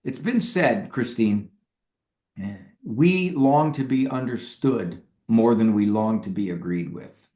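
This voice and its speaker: A man's voice: mid-range voice, expressive, slow pace, a little mellow, echoey room. A man talking as a guest psychologist in a casual interview, acting out the parents and couples he describes.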